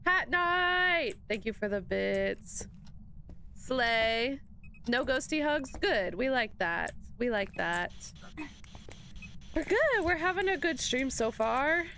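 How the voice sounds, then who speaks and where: A young woman live streamer chats casually with her viewers, rambling through a story, laughing often and greeting people in an upbeat way. Her high voice is very animated yet slow, with vocal fry and a sharp tone, over slight background noise.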